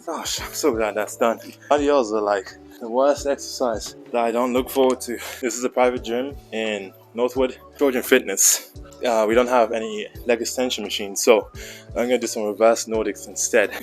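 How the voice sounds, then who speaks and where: A man's voice: mid-range voice, steady tone, normal speed, soft background music. A young man talking between heavy gym sets, out of breath, mixing jokey asides with training tips in a casual vlog style. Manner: joking, chatty coaching asides. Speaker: fitness vlogger. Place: indoor private gym.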